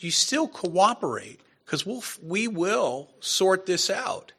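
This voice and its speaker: A man's voice: sits high, very animated, slow pace, few pauses, fairly bright tone. A man working as an attorney, answering questions at a members meeting, emphatic and repeating his points. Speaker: attorney presenting.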